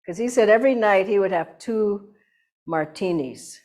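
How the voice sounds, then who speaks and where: An older woman giving an inspirational satsang talk as a spiritual teacher, telling anecdotes in a lively way and laughing often. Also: mid-range voice, normal speed.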